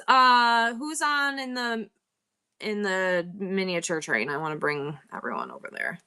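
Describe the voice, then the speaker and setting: Bright-voiced woman chatting candidly on stream. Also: on the low side, clean tone. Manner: candid, rambling, laughs often. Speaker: live-stream seller. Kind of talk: casual live-stream chat.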